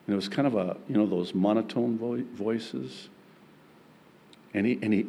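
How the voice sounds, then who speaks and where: A man preaching a sermon as pastor, earnest, moving between soft passages and emphatic ones. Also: on the low side, normal speed, slight background noise.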